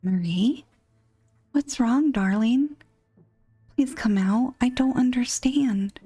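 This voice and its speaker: A woman's voice: fairly high pitch, slow pace, warm tone, no room sound, soft background music, voice pushed up. A woman voicing a bewildered, wounded husband who pleads with his wife, in whispered role-play. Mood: pleading. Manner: pleading, rising anxious whisper.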